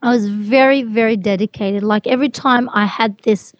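A woman's voice: a little high, fairly even intonation, moderate pace, dry recording, muffled recording. A woman telling her personal story as an interview guest, earnest and repeating herself as she goes. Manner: earnest, repeats phrases, restarts.

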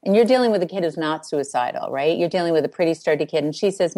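An older woman answers interview questions about parenting in a calm, measured way. She pauses and uses fillers as she thinks through her points. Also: deep voice. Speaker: guest expert on parenting. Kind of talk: conversational interview.

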